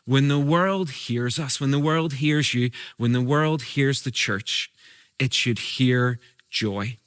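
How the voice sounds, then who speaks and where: A man from Europe, a guest preacher telling stories in a sermon, moving between brisk asides and slow, emphatic lines. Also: medium pitch, fairly bright tone, clear, resonant tone, dry recording, studio quality.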